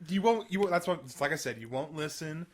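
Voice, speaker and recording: A young man co-hosting a casual podcast, teasing and challenging his co-host in quick banter. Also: fairly high pitch, expressive.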